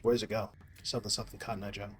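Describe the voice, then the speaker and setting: A man's voice: lowish voice, level tone, racing, a little hiss or hum. A man in a casual, rambling monologue while gaming, swearing a lot and restarting his sentences often. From United States. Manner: rambling, profane, many restarts and fillers. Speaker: gaming vlogger.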